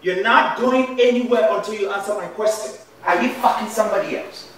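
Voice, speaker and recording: A man's voice: high voice, fairly quick, a bit bright, a little hiss or hum. An actor playing a jealous, abusive husband who accuses his wife and then pleads with her in an indie film drama. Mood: accusing. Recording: roomy echo, voice from a distance, faint ambience.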